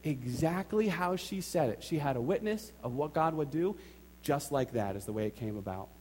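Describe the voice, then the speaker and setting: A man preaching a sermon, telling a personal story with animated acted-out quotes and repeated phrases for emphasis. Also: a little high, normal speed. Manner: animated storytelling, acts out his own and others' quotes. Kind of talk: sermon testimony.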